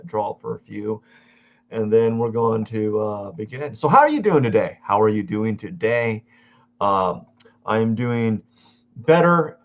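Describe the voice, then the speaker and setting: A man's voice: medium pitch, vocal fry. A man chatting casually to his stream while he draws at home, rambling and correcting himself as he goes. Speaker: live-stream artist. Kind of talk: casual live-stream chat while drawing. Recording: dull lo-fi audio.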